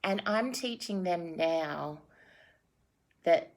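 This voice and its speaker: A woman's voice: fairly low pitch, animated, drawn-out words. A woman in her thirties, a spiritual guide who chats casually with giggles and fillers, then leads a guided meditation. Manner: gentle, giggly and rambling, with many fillers. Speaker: spiritual guide and card reader.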